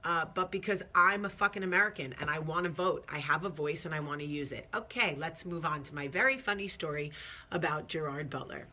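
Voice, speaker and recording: Bright-voiced chatty woman telling a story. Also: deep voice, brisk. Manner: chatty, candid, swearing, lots of fillers. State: stressed, nervous. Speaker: vlog host. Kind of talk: casual storytelling to camera.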